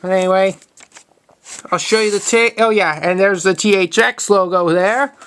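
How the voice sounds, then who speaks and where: Young man in his twenties, casual collector vlog, stop-start delivery with frequent word restarts, plain unhurried tone. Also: high voice, a bit bright, a little hiss or hum. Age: 20s. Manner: halting, restarts words, plain matter-of-fact tone. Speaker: video collector showing tapes. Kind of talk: casual show-and-tell vlog.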